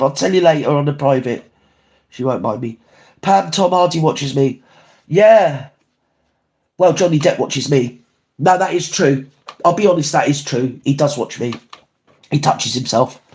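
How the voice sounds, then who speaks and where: A man puts on a gossipy older grandmother who hosts a livestream. The voice sits a little high and runs on in long, rambling stories. She showers her viewers with babe and darling, then turns sharp and ranting. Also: close to an everyday voice. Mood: affectionate. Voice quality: chatty, calls everyone babe and darling, ranting. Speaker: livestream host. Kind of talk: livestream chat reading comments.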